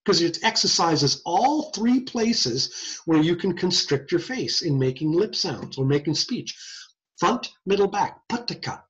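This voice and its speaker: A man's voice: on the high side, a little slow, poor audio. A man giving an informal, conversational lecture on hearing science, joking as he explains. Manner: lively, conversational, jokey. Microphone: screen-share recording.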